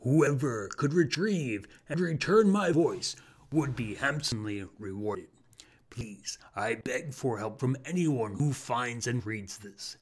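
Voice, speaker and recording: Husky, solemn old male chronicler from a game, measured and grim, put on by a male streamer. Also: mid-range voice.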